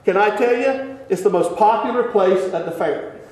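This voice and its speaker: A man preaching as a pastor, telling stories in an animated way, often laughing and dropping to hushed tones. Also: high voice, normal speed. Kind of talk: sermon storytelling. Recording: echoey church hall.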